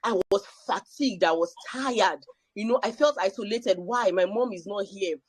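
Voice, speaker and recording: A woman's voice: mid-range voice, moderate pace, slightly rough. A woman sharing a personal story at a panel, emphatic and repeating phrases for effect. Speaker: panel speaker.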